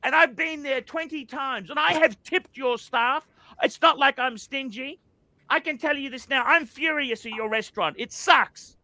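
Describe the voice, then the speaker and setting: A man's voice: extremely high pitch, normal speed, bright, forceful tone, no room sound. A man hosting a livestream, ranting angrily about a restaurant, swearing and repeating himself. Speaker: livestream host. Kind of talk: livestream rant.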